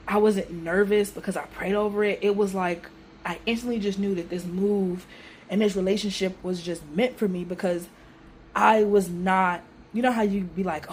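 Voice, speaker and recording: A young woman telling a personal story on her vlog in a casual, emotional, animated way with everyday slang. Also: mid-range voice, normal speed, slight background noise. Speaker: vlogger.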